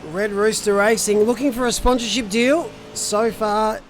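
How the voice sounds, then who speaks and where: A man's voice: sits high, steady tone, moderate pace, soft background music. A man giving casual live sim racing commentary, chatting to viewers and answering their messages.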